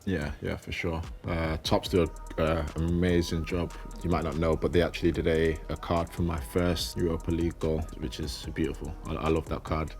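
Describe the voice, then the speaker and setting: A young professional footballer who collects cards answers questions in a casual interview over soft music. His low, flat voice sounds relaxed and halting, and he repeats words as he thinks and laughs easily.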